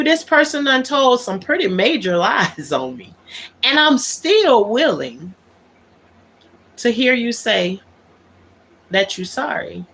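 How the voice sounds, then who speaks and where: A livestream host with a slightly high, sing-song voice takes it slowly and pauses often, sounding fairly bright over a little hiss or hum. Her unscripted monologue is aggrieved and emphatic, with key words repeated.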